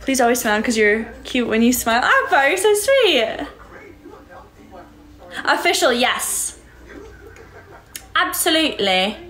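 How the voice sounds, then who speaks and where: A woman's voice: high voice, big pitch swings, measured pace, long pauses, a bit bright. A woman live-streaming in casual chat, reading out viewer comments and thanking them by name in a breezy, upbeat way. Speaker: livestreamer. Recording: echoey room.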